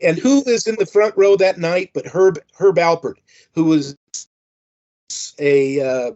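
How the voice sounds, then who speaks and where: A man's voice: a little high, a little slow, darkish tone. An older man, a former wrestling manager, telling rambling, amused anecdotes with lots of fillers. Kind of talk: anecdotal storytelling. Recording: dull lo-fi audio.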